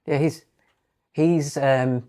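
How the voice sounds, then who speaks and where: A man guesting on a podcast as a theatre director, talking in a relaxed, dry and understated way. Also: on the high side, extremely slow. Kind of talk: casual podcast chat.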